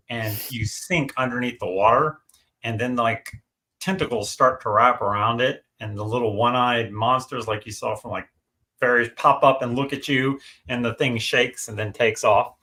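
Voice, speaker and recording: A middle-aged man telling stories in a casual livestream chat. His voice is bright and gravelly. He talks animatedly and packs in plenty of fillers and restarts. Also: mid-range voice. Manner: chatty, animated storyteller, many fillers and restarts. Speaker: guest on a livestream.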